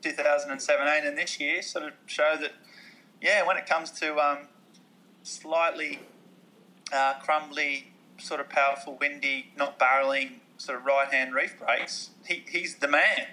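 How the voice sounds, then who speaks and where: A man's voice: fairly high pitch, steady tone, unhurried, pushed and bright, poor audio. A man co-hosting a podcast, talking casually and searching for words. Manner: chatty, hesitant, lots of restarts. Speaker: podcast co-host. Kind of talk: casual chat.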